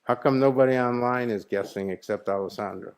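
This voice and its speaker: A man's voice: mid-range voice, brisk, a little hiss or hum. A man as spiritual teacher, leading a satsang and quizzing his listeners in a playful, probing, emphatic way.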